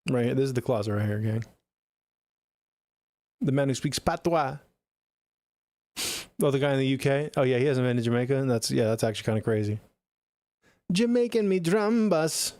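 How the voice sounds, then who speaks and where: A man's voice: mid-range voice, a little mellow, no echo. Chill swearing streamer guy, mid voice, dead dry closet sound. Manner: laid-back, rambling, profane. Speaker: music feedback streamer. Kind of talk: casual live-stream chat. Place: home studio closet.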